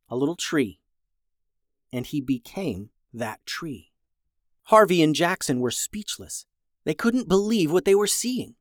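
A narrator reading a children's storybook aloud, lively, shifting voices for each character. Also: medium pitch, no echo, clean studio sound.

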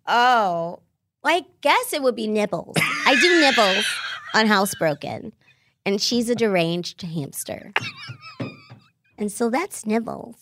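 A woman's voice: mid-range voice, animated, slow, pauses often, background noise. A woman comedic actress chatting playfully as a guest, laughing between bits. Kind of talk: casual interview chat.

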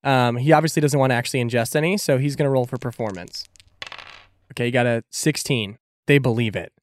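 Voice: mid-range voice, fast, slight background noise. A game master narrating a tabletop game in a casual, chatty way, with frequent fillers.

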